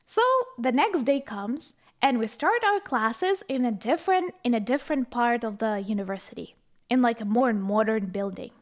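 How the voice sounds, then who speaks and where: A woman's voice: a little high, normal speed. A young woman from Ukraine, chatting casually on a live stream, telling stories, reading chat aloud and laughing often.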